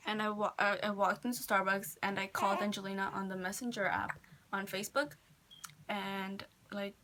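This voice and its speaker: Teen girl vlogger, soft casual storytelling, lots of fillers, noisy camera audio. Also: medium pitch, level tone, moderate pace. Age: teens. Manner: talks softly with many fillers, sometimes near a whisper. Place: indoor bedroom, holding a baby. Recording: noticeable background noise.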